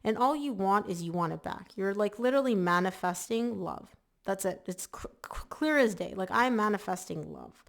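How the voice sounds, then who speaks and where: A woman's voice: medium pitch, animated, moderate pace, gravelly. A woman giving a casual, chatty tarot reading to camera, emphatic and full of "like" fillers. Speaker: tarot reader.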